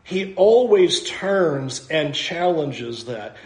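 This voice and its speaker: A man's voice: on the high side, expressive, extremely slow, darkish tone, echoey room. A man preaching a sermon in a conversational, self-deprecating way, acting out little asides. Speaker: pastor.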